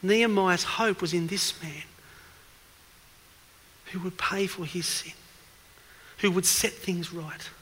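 A man's voice: sits high, slow, pauses often, a bit bright, slight background noise. A man preaching an evening sermon who asks questions and presses home his points with emphasis, recorded in a church hall with a long reverb. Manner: questioning, emphatic, rises in force.

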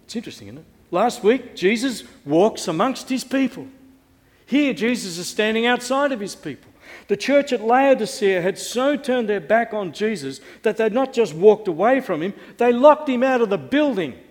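Here the pastor's voice is high-pitched and animated, moving at a moderate pace through a wry, conversational sermon in which he asks the congregation questions. He is a middle-aged man, and the church hall around him gives a long, echoing reverb.

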